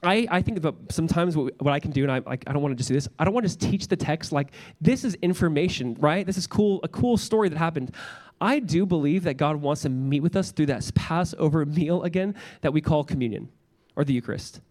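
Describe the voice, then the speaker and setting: A man's voice: fairly high pitch, quick pace, a little mellow. A young adult man, a pastor, preaching a sermon in a church with an earnest, conversational manner, often restarting his phrases.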